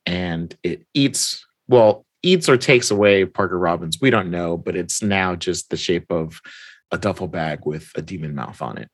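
Guy recapping a story to a friend, lowish voice, dry sound, laughs a lot. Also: measured pace, no room sound. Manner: quotes characters in his own voice, laughs often. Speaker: podcast co-host recapping a story. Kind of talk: casual chat, animated retelling.

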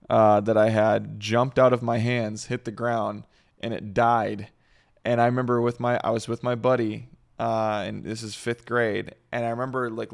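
Guy hosting a faith podcast, gravelly voice, rambly, lots of likes and ums. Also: mid-range voice. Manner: rambling, heavy on fillers, earnest. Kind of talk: casual faith talk.

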